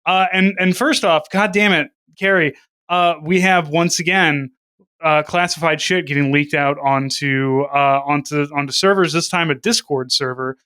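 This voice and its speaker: Man, podcast co-host, casual chat, profane and rambling, bright tense voice, dry close sound. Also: on the high side, moderate pace, clean tone, no echo.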